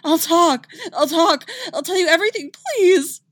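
A woman voicing a terrified, cowardly male informant who pleads in a high, loud voice. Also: a little slow, no room sound.

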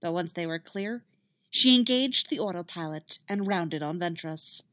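A woman's voice: on the low side, expressive, normal speed, a bit bright, no room sound. Woman reading a story aloud, dry. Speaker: narrator. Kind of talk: reading fan fiction aloud.

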